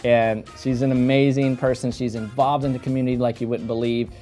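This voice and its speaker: A man's voice: medium pitch, level tone, a little fast, warm tone. A man hosting a casual interview show, jokey and self-deprecating. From Florida. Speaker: host. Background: faint background music.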